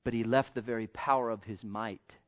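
A man preaching a sermon fervently, swinging from loud exhortation to hushed near-whispers. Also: on the low side, steady tone, fairly quick, muffled recording.

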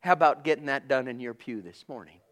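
A man preaching a sermon with passion, swinging from loud calls to hushed asides. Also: medium pitch, quick pace.

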